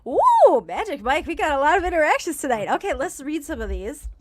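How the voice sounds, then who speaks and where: A woman's voice: high-pitched, sing-song, fast talker, dry recording. A woman hosting a recovery podcast, encouraging her guest. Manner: encouraging, frequent mm-hmms. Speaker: host. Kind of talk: supportive podcast interview.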